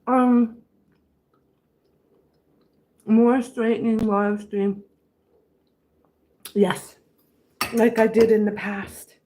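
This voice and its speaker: A woman's voice: a little high, little pitch movement, extremely slow, pauses often, warm tone, rough recording. A middle-aged woman hosting a casual eating livestream at home, rambling and chatting to her viewers between bites. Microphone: camera on a stand.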